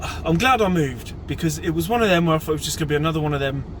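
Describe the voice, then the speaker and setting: Bloke, middle-aged, chatty fishing vlogger, slightly high voice, faint outdoor noise. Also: male voice, very fast. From United Kingdom. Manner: chatty, excitable, rambling with restarts. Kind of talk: casual outdoor vlog talk. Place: riverbank outdoors in winter.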